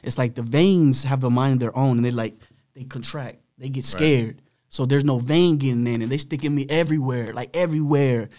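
A man's voice: mid-range voice, brisk, warm tone, no echo. Man, podcast guest, blunt and profane, slangy storytelling, dry close-miked sound. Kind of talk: candid personal storytelling.

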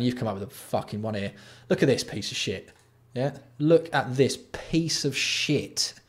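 A man's voice: medium pitch, a bit bright. A man hosting a live stream, ranting and swearing in exasperation while reacting to products. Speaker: livestream host. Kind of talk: casual live-stream commentary.

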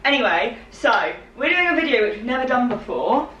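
A woman's voice: on the high side, sing-song, a little fast, fairly bright tone, distant mic, a little hiss or hum. A young woman from the UK chatting casually about clothes, bubbly and giggly as she talks. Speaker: fashion vlogger. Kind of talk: casual haul chat. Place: room at home. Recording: echoey room, mic set back.

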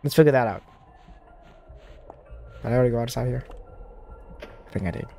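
Here the streamer's voice is gravelly yet mellow, medium in pitch and moderate in speed, with faint music underneath. He gives loose let's-play commentary on a horror demo, talking to himself and restarting his sentences, heavy on fillers.

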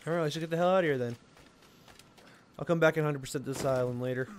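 A young man chats loosely over his gameplay in a slightly higher voice. He rambles, jokes at his own expense, and drifts between thoughts into a close desk microphone. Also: fast talker, a little hiss or hum. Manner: rambling, self-mocking. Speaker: gaming video host. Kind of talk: casual let's-play commentary.

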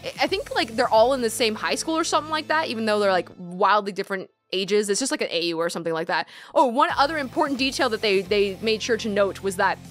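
A young woman streaming a game, gushing and excitable as she comments and reads the text aloud. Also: mid-range voice, quick pace, hardly any pauses, faint music behind. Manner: gushing, excitable, many fillers.

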